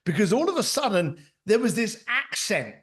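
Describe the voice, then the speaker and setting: A middle-aged man on a podcast tells blunt, down-to-earth anecdotes and acts out the other people in them. His voice sits high for a man. It swoops up and down with lively expression. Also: moderate pace. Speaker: podcast guest, author and mentor. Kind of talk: conversational storytelling.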